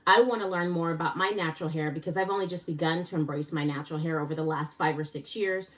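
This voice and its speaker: A woman hosting a casual live stream, excitable and a little winded, laughing often and gushing with thanks. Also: deep voice, quick pace, recorded from a distance. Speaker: livestream host.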